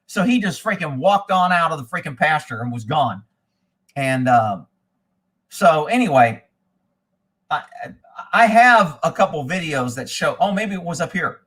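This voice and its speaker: A man hosting a live show, telling a long profane story in a casual, animated way and quoting the people involved. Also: high-pitched, moderate pace, slightly rough. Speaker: host.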